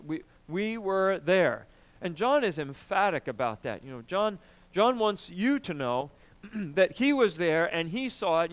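A man preaching a sermon, emphatic and animated, often asking "right?" and clearing his throat. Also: on the high side. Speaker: pastor.

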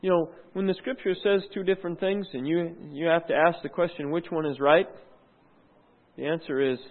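A man preaching a sermon in a conversational way, full of rhetorical questions and frequent throat-clearing. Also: sits high. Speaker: pastor. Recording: tinny phone-like sound.

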